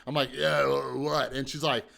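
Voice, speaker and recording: A man's voice: medium pitch, fairly even intonation, normal speed, creaky, fairly bright tone. A man in his thirties telling his own story on a vlog, blunt and profane, with emphatic repetition and rhetorical asides to the listener. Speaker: mental health vlogger. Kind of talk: candid personal storytelling.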